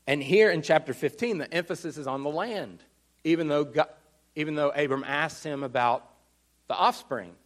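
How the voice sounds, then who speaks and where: Earnest man preaching, slightly high voice. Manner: earnest, explanatory, with slowed emphasis on key words. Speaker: pastor. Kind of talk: sermon teaching.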